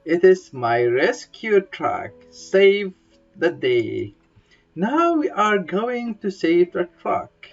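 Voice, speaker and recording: Slow, playful woman reading a bedtime story. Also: big pitch swings. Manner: slow, simple broken English, playful sound effects and high squeals for characters. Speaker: storybook reader. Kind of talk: bedtime story read-aloud. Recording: dull lo-fi sound with faint guitar music.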